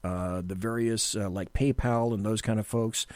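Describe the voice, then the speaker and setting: A man with a lowish voice hosts late-night talk radio, rambling through topics with jokes at his own expense. The sound is dry and close to the mic. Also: steady tone, moderate pace, a little mellow, no echo. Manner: joking, rambling, self-deprecating. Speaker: radio talk show host. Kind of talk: casual talk radio banter.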